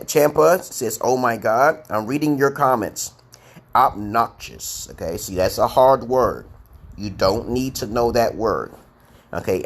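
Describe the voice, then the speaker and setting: A man teaching English on a live stream, reading out viewers' comments in a playful, boastful way. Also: lowish voice. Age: adult. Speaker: online English tutor.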